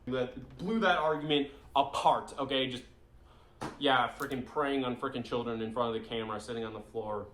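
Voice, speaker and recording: A man in his twenties ranting in scornful, insulting, excitable commentary. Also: medium pitch, moderate pace, roomy sound, a little hiss or hum. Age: 20s.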